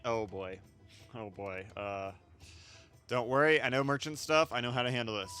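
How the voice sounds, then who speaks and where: A gaming streamer gives casual let's-play commentary over soft background music, rambling with fillers, asides, and frequent giggles. His mid-range voice moves at normal speed and sounds pushed and bright.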